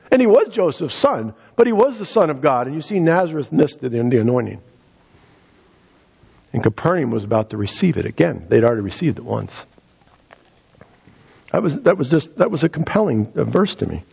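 A man preaching a sermon as pastor, earnest, repeating words and rising in pitch for emphasis. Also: big pitch swings, fairly quick, creaky, darkish tone, slightly rough, highs cut off.

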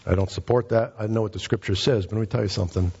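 A middle-aged man preaching a fervent sermon, his voice climbing to high, emphatic peaks. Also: steady tone, racing, creaky, warm tone, slightly rough, highs cut off. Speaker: pastor.

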